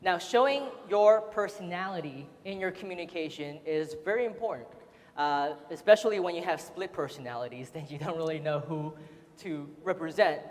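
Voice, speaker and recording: A man's voice: on the high side, moderate pace. A man giving a casual, chatty seminar talk to an audience, laughing often and full of fillers. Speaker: seminar speaker. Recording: roomy hall reverb.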